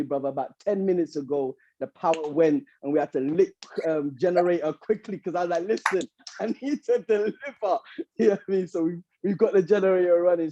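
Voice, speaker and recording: A man's voice: a little high, warm tone, no room sound. A man with a Sierra Leonean accent, a storyteller and MC, telling a folk tale with call-and-response. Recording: muffled lo-fi call audio.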